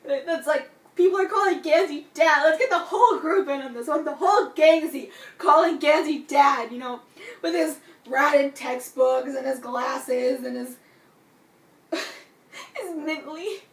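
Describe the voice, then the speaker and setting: A young adult woman reviewing a book in casual vlog talk, gushing and excitable, full of "like" and "you know". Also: high-pitched, normal speed. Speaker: book vlogger. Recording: echoey room, distant from mic.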